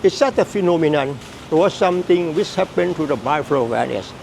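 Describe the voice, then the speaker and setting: Man, Buddhist teacher, high-pitched, gravelly, repeats himself, halting. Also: lively intonation, darkish tone, a little hiss or hum, low-quality recording. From Thailand. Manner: repetitive, halting, emphatic phrasing. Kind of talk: dharma teaching.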